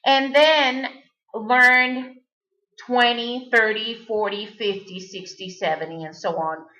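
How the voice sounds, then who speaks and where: A woman whose first language is Spanish teaches numbers and phrases in a bright, somewhat high voice. She speaks very slowly and patiently, repeating each word. The recording is dull and lo-fi. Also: steady tone.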